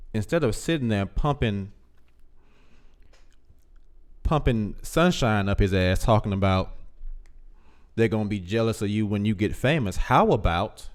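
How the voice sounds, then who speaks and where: A man hosting a live call-in show, talking bluntly and with emphasis to his audience. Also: on the low side. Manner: blunt, emphatic, addresses chat directly. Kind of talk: casual commentary.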